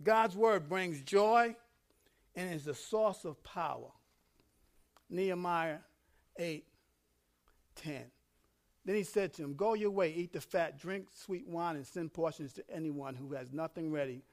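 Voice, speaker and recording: A male pastor preaching a sermon, dropping to a low murmur and then building to shouting, with frequent laughs. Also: unhurried, pauses often. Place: church.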